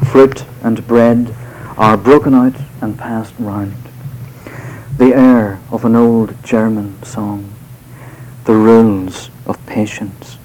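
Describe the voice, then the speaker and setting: A man giving a live poetry reading to an audience, delivering verse in a measured, unhurried way with hesitant spoken asides between poems. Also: fairly low pitch, a little mellow, a little hiss or hum, rough recording. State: voice slightly off tonight.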